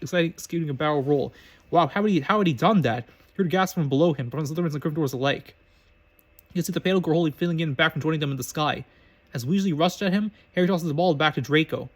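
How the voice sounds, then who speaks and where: Male amateur reader, quick, stumbling and self-correcting narration. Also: on the high side. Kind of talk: reading fan fiction aloud.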